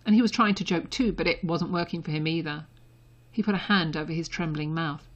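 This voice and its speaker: A woman reads a story aloud in a soft, intimate audiobook delivery. Her voice sits low, with a husky, breathy grain. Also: brisk, muffled recording. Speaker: reader. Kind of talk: audiobook narration.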